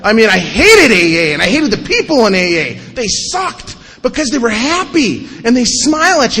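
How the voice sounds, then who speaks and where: A man speaking at a recovery meeting, telling his own story with wry, animated humor and acting out the scenes. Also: very high-pitched, brisk, breathy edge. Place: large meeting hall before an audience. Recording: long hall reverb.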